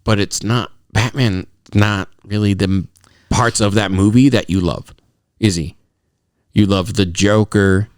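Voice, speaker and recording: A man's voice: lowish voice, fairly even intonation, a little slow, smooth, dry recording, studio quality. A young man co-hosting a podcast, arguing about movies in an emphatic, profane way. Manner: emphatic, argumentative, swears freely. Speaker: podcast co-host. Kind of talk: casual movie-debate chat.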